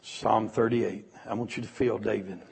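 Gravelly preacher. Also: male voice, fairly low pitch, fairly even intonation, normal speed. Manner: folksy storytelling, swinging from loud exhortation to hushed confession. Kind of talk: sermon.

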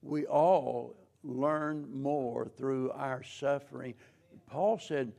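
A man preaching a sermon as pastor, slow and measured, with frequent restarts. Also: medium pitch, fairly even intonation, vocal fry, mellow.

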